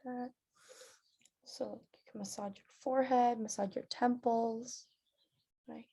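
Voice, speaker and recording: A woman with a fairly high voice walks a group through acting warm-ups. She talks loosely, with many fillers, and bursts into loud roars and sirens to show each exercise. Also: fairly even intonation, slow pace, gravelly, slightly rough. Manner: instructive, filler-heavy, with loud vocal demonstrations. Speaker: drama teacher. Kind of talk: leading theatre warm-up exercises.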